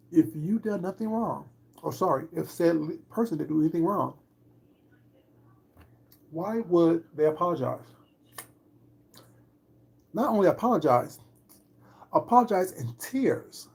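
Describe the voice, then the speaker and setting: A woman's voice: fairly low pitch, vocal fry, darkish tone, slightly rough. A woman on a livestream, commenting on online drama with sarcastic rhetorical questions. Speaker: streamer.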